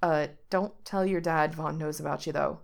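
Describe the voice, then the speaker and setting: A woman's voice: low-pitched, fairly even intonation, normal speed, gravelly. A woman voicing a flustered, nerdy young man who pleads and yelps when teased. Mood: nervous. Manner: panicky, pleading, yelping.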